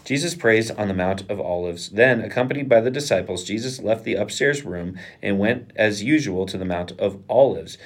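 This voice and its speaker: A man co-hosting a podcast, reading scripture aloud and lifting his pitch and force sharply for quoted speech. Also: normal speed, few pauses. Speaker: podcast co-host.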